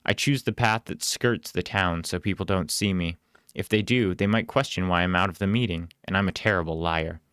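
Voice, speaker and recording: A man reading a storybook aloud in a plain, unhurried way with small casual asides. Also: deep voice, fairly bright tone, clean tone, dry recording, clean studio sound.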